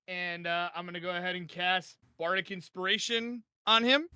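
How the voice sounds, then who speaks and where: A man playing a tabletop game, excitable and jokey as he describes his moves. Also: high voice, normal speed, few pauses, smooth, no room sound. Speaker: player. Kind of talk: casual tabletop game play.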